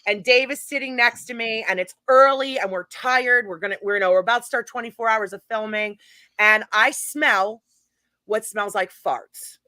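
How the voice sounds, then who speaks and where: A woman's voice: a little high, normal speed, dry recording. A woman who organizes paranormal events, telling a funny story in a casual chat and laughing as she goes. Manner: animated, laughs while telling stories.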